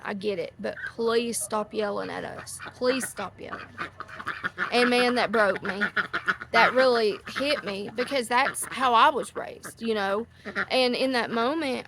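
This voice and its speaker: A woman's voice: a little high, bright, forceful tone, slight background noise. A middle-aged woman, hosting a casual outdoor chat to a live audience, rambling and easily sidetracked. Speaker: host. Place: outdoors near ducks. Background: ducks quacking.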